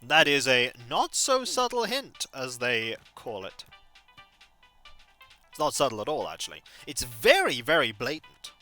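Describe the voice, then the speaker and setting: A man's voice: mid-range voice, sing-song, a little slow, bright, forceful tone. A man chatting wryly to his viewers while playing a game on a live stream. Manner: chatty, wry, talks to chat while playing. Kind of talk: casual live-stream commentary. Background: faint game music.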